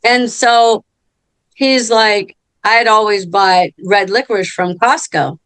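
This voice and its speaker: A woman's voice: medium pitch, slow pace, a bit bright, clear, resonant tone, no room sound. A middle-aged woman co-hosting a casual podcast chat, telling family stories in a chatty way. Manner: chatty storyteller, acts out quotes. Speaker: co-host.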